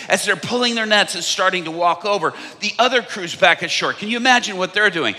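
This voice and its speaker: Animated preacher in a big echoing hall. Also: male voice, sits high, a little fast, few pauses. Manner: animated storytelling, humorous. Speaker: evangelist. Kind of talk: sermon. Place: large conference hall.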